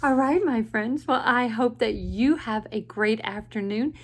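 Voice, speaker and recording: Slow, gentle woman reading a storybook. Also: on the high side. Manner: gentle, asks the listener questions, laughs often. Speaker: teacher reading to children. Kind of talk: picture book read-aloud.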